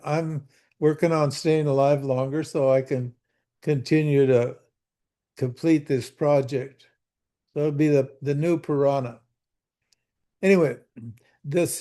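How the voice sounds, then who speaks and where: A man's voice: on the high side, dark tone. An older man teaching scripture over a video call in a folksy, conversational way, often asking his listeners questions and repeating words as he goes. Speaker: spiritual teacher.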